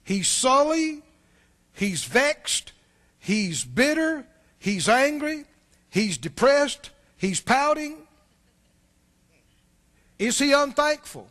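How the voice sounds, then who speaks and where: A man with a strikingly high voice preaches to his congregation. He talks in a relaxed, conversational way, keeps asking the listeners questions, and repeats words as he restarts a thought. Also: drawn-out words, pauses often. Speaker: pastor. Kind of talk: sermon.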